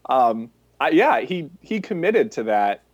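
A man's voice: medium pitch, slightly rough, dry recording, lo-fi sound. A man co-hosting a podcast, chatting casually about a movie and acting out scenes in mocking quotes. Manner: animated, quick asides, mocking quotes. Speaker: podcast co-host. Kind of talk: casual movie review chat.

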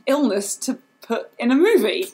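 Gravelly-voiced British woman, chatty guest. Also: on the high side, big pitch swings, normal speed, a little mellow, rough recording. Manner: chatty, laughs often, self-deprecating. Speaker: podcast guest. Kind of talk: casual chat.

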